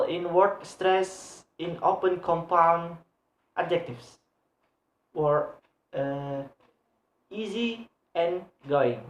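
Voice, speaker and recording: A young man, a student, explaining grammar in a class video, halting with many pauses and fillers and repeating his example words. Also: on the high side, a little mellow. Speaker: student presenter. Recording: roomy echo.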